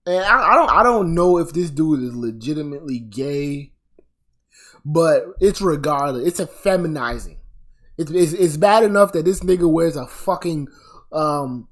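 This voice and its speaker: A man's voice: on the high side, expressive, moderate pace, a bit bright. A man delivering a blunt, profane commentary rant, sounding exasperated and weary. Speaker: commentary vlogger.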